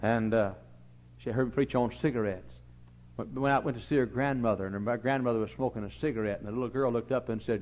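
Old-time church preacher guy, folksy stories, does little voices, gets loud then quiet, kinda muffled recording. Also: mid-range voice, fairly quick. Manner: folksy storytelling, acts out voices, swings loud and soft. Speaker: pastor. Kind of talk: fiery sermon. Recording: slightly dull sound.

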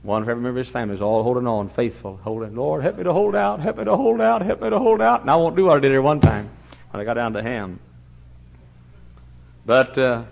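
An older man preaching a sermon in a church, telling stories and swinging from booming shouts to low, quiet asides. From Texas. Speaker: pastor. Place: church sanctuary. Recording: dull lo-fi recording.

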